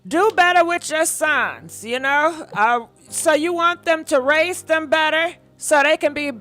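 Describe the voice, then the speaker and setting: A woman's voice: sits high, measured pace, a bit bright. A woman hosting a call-in show, chatty and encouraging, speaking straight to her listeners. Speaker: talk show host. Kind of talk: casual chat.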